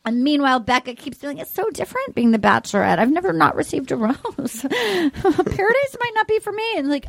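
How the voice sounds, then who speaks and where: Woman, podcast host, high voice, very animated pitch, swearing, mimics people. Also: brisk, vocal fry, few pauses. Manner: animated, profane, acts out cast members' lines in mock voices. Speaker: podcast host recapping a dating show. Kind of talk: casual comedic recap.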